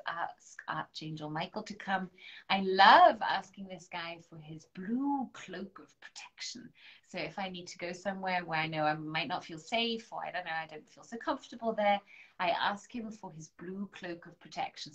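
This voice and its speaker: A woman, a spiritual coach, doing a live-stream angel card reading, gently encouraging viewers and leading affirmations aloud. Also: medium pitch.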